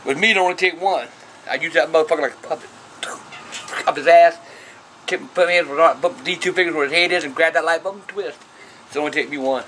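A middle-aged father answering viewer questions in a blunt, foul-mouthed way, with bursts of shouted cursing. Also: a little high, quick pace, a little hiss or hum. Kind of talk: profane casual Q&A.

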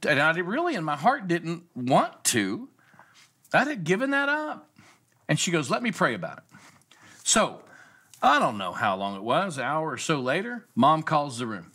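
A slightly high-voiced middle-aged man, a pastor, recounts a story at a moderate pace during a casual talk show. He brings it to life by acting out each quoted person.

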